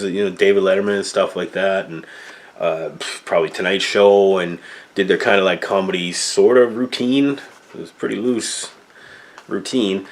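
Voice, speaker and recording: A man in his fifties from Canada with a Canadian accent, rambling loosely through a casual movie talk, full of fillers and tag questions. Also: low-pitched. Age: 50s. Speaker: movie reviewer.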